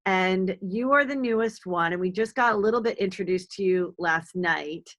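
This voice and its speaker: A woman's voice: mid-range voice, normal speed, fairly bright tone. Woman podcast host, forties, gossipy, casual, lots of ums. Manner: chatty, gossipy, with filler ums. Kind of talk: casual interview chat.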